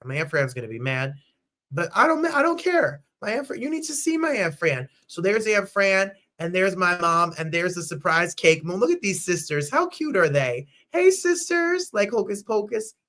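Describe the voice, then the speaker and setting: Man from new jersey, live-stream host, bubbly, gushing, fairly high voice, playful falsetto bursts. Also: sing-song, normal speed, few pauses, sharp tone. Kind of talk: lively live-stream chat show.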